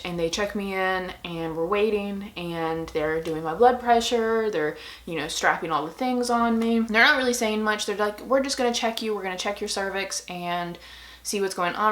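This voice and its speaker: Chatty young woman, slightly low voice. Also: fairly bright tone. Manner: chatty, lots of "like" and "um". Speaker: vlogger. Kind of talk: casual storytelling to camera.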